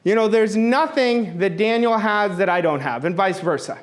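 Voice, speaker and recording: A man's voice: high-pitched, normal speed. A middle-aged man giving an emphatic motivational talk as a coach, repeating his key phrases for force.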